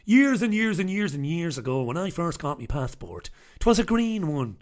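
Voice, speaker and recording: A man's voice: fairly high pitch, very animated, moderate pace, hardly any pauses. Sardonic, sweary Irish man. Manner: sardonic and sweary, greeting viewers. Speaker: livestream host. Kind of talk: casual live-stream chat.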